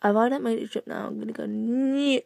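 A woman's voice: on the high side, fairly even intonation, rapid-fire, creaky, darkish tone, dry recording. A young woman casually commenting on her own game play from her bed, giggling and mocking herself, sometimes dropping to a whisper. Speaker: gaming channel host.

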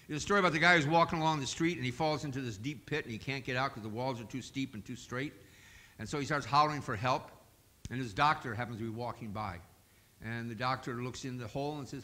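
Lively, joking pastor preaching. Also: male voice, medium pitch. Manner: folksy, joking storyteller. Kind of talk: sermon. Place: church.

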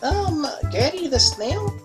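A woman's voice: sits high, big pitch swings, slow pace, full character voice. A woman voicing a blunt, sarcastic cartoon character, over background music. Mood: snarky. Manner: sarcastic, dismissive.

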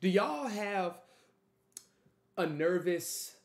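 A man giving loose, animated, profane reaction commentary, trailing off and restarting. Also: high voice, drawn-out words. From Louisiana. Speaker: music reaction host. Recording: echoey room.

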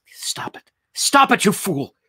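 Man doing a desperate exile, lively swinging voice, forceful, dry sound. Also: mid-range voice, slow pace, full character voice. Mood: frantic.

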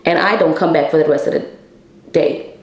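Candid young woman with a low voice. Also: normal speed, roomy sound, a little hiss or hum, poor audio. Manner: candid, emotional, swears freely, addresses viewers as y'all. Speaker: vlogger telling a personal story. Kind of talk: casual storytime.

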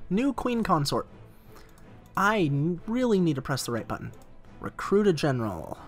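A man giving let's play commentary, chatting to himself and joking in asides while he plays. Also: high-pitched. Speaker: gaming commentator.

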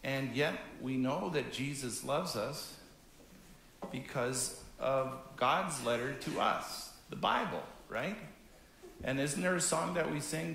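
A man in his fifties, a pastor from Canada, giving a gentle, conversational children's message during a church service. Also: mid-range voice, animated, slow, gravelly, reverberant, a little hiss or hum. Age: 50s. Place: church sanctuary.

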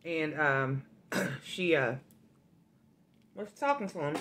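Chatty woman vlogger with a low voice. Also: slow, a little hiss or hum. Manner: chatty, addresses viewers directly, animated storytelling. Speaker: food vlogger. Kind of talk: casual eating vlog with storytime.

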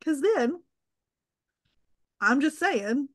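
A woman's voice: high-pitched, big pitch swings, very slow. A woman co-hosting a casual fan podcast, tossing out theories in a tentative, hedging way. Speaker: podcast co-host.

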